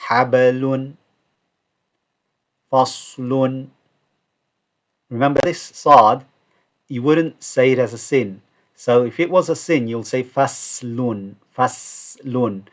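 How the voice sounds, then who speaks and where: A man teaching Quran recitation, modelling each word slowly for students to repeat, with quick explanatory asides. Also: mid-range voice. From United Kingdom. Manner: slow, drawn-out model pronunciation, then quick asides. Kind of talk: recorded recitation lesson, repeat after me. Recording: dull lo-fi recording.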